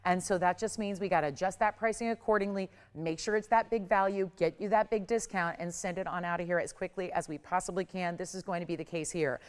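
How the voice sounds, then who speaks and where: Middle-aged lady selling jewelry on live tv, smooth clear voice, chatty and pushy about deals, voice still a bit off. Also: lowish voice, fairly even intonation, quick pace, hardly any pauses. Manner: upbeat, chatty, pushes deals and prices. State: voice still recovering. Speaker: shopping channel host. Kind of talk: live home shopping sales pitch. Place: TV studio.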